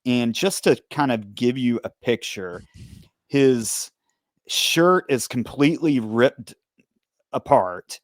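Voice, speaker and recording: A man's voice: medium pitch, lively intonation, slow, no echo, clean studio sound. An American man, a former police officer, hosting a podcast and steadily guiding the interview with questions and his own account. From United States. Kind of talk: interview conversation.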